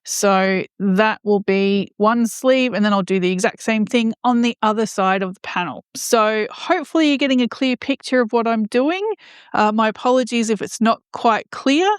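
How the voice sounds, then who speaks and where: A woman's voice: fairly high pitch, normal speed, clear, resonant tone, no echo, clean studio sound. A woman crochet vlogger chatting casually as she explains each step of her project. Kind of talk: casual how-to narration.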